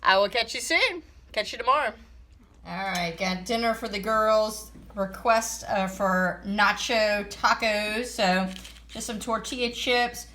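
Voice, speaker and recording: A woman's voice: medium pitch, unhurried, bright, forceful tone. A woman casually talking through the family meals she cooked for a home vlog, easygoing and full of little fillers. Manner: chatty, easygoing, lots of fillers. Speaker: family vlogger. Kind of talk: casual cooking vlog chat. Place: home, partly outdoors.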